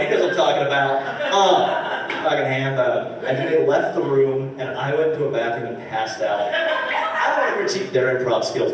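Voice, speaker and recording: A man in his twenties performing a stand-up comedy set, telling stories and slipping quickly into voices for the people in them. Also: medium pitch, a little hiss or hum. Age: 20s. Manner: storytelling with quick character voices. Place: live comedy theater stage. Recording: roomy live recording from a distance. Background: audience laughter.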